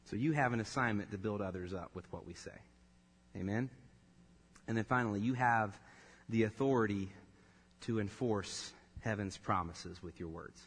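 A man in his thirties preaching a sermon, telling a personal story with laughter and animated delivery. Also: on the low side, moderate pace, slightly rough. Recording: long reverb of a large hall.

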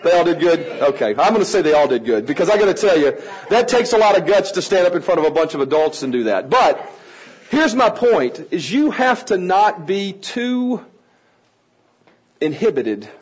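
A man teaching a room of adults how to work with children, energetic and playful, coaxing the audience to join in. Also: a little high, slightly rough, low-quality recording. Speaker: children's ministry trainer. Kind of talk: lively teaching talk to an audience.

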